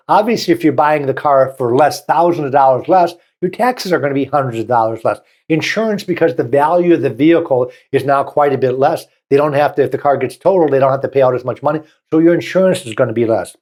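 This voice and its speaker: A man's voice: mid-range voice, fast talker, few pauses, darkish tone. A man with a Southern US accent hosting a car show, reading short passages aloud and then riffing on them in a folksy, opinionated way. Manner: folksy, reads a passage then riffs with asides. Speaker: car dealer show host. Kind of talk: opinionated talk-show commentary.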